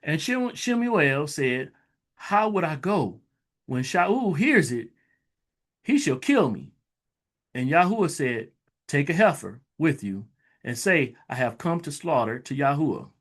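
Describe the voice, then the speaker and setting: A man teaching from scripture, his voice sitting a little high and swinging widely in pitch. He reads the verses with slow weight, then slips into loose, chatty explanations. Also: sing-song, fairly bright tone. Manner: reads verses slowly, then breaks into loose conversational asides. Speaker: Bible teacher. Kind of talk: scripture reading with casual commentary.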